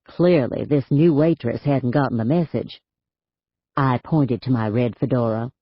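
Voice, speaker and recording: A man's voice: mid-range voice, measured pace, no echo. Man narrating a novel, dull dry recording. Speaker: audiobook narrator. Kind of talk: scripted first-person novel narration.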